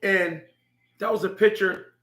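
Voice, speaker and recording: A man's voice: sits high, fairly even intonation, unhurried, bright, forceful tone, faint music behind. A middle-aged man telling a heartfelt story about his son, laughing now and then as he speaks. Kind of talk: personal storytelling. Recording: echoey room.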